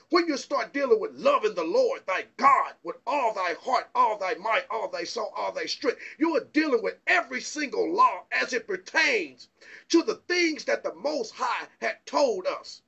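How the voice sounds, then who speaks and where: A man preaching informally from the Bible, excitable and emphatic, stammering and repeating words and firing off rhetorical questions. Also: extremely high pitch, moderate pace, gravelly, slightly rough, highs cut off. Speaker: Bible teacher.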